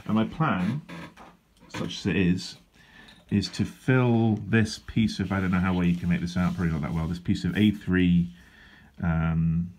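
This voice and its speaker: Sounding like a comic artist vlogging at his desk, a man with a deep, low, slightly mellow voice talks casually about what he plans to draw. He wanders into asides with dry, self-deprecating humour, captured on a wobbling handheld camera.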